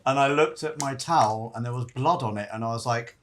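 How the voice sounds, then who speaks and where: A man's voice: mid-range voice, fairly quick, fairly bright tone, slight background noise. A man hosting a podcast, chatting candidly and with enthusiasm. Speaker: podcast host. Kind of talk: casual chat.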